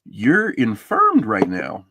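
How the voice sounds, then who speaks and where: A man's voice: fairly low pitch, huge pitch swings, slow pace, creaky, noisy background. A man hosting a live podcast stream, chatting casually and rambling with lots of fillers. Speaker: podcast host.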